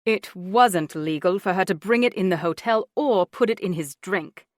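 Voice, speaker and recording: A woman voicing a steady, matter-of-fact young man. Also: fairly low pitch, moderate pace, no echo, studio quality, close to an everyday voice. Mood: firm.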